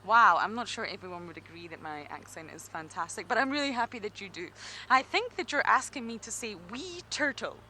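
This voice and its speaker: Bright-voiced Scottish woman guide. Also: medium pitch, fairly quick, a little hiss or hum. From Scotland. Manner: chatty, good-humoured, self-mocking. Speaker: safari guide. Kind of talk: live game drive commentary. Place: outdoors in an open game vehicle.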